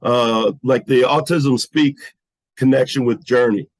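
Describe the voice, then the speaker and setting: A man's voice: medium pitch, a little slow, no room sound. A man hosting a podcast interview, reacting with enthusiasm to his guest. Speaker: podcast host. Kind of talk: casual interview chat.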